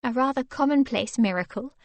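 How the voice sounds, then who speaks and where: A woman voicing a gentle, flustered young wife in an eager, breathless manner for an audiobook. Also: a little high, fairly quick, no room sound, lightly acted.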